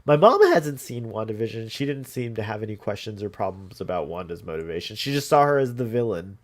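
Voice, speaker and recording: A man's voice: lowish voice, animated, fairly quick. A man co-hosting a podcast, chatting casually and rambling with lots of "like" fillers. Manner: rambling, many "like" fillers, laughs easily. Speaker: podcast co-host. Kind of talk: casual chat.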